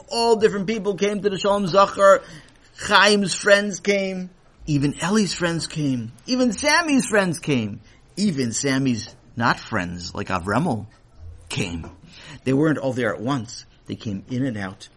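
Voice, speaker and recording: A man narrating a children's story in an expressive, animated way. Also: fairly high pitch.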